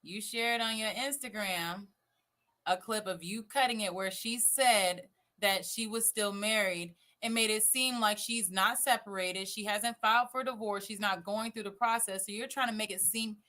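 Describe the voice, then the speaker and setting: A woman's voice: medium pitch, moderate pace, pushed and bright. A woman hosting a casual reaction chat, blunt and sarcastic, swearing freely. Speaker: host reacting to clips.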